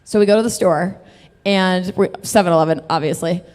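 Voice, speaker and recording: A woman's voice: fairly low pitch, fairly quick, a little mellow, in a large hall. A woman telling a funny personal story on stage, chatty and swearing freely, laughing often between lines.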